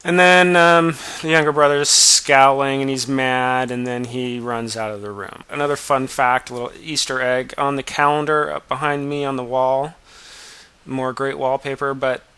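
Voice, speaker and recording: A man's voice: mid-range voice, steady tone, normal speed, sharp tone, clean tone. A man in his forties giving a wry, self-deprecating director's commentary on his own childhood film. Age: 40s.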